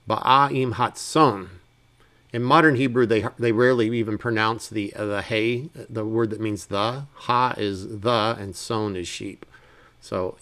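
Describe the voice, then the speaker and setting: A man teaching a casual Bible Hebrew lesson, reading verses slowly and then explaining them in relaxed asides. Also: mid-range voice.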